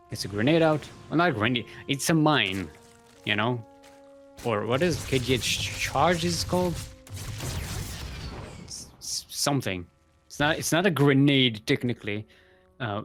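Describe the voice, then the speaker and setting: A man's voice: mid-range voice, a bit bright. A man casting a live strategy-game match, chatty and joking, reading out viewer chat as he goes. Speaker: esports caster.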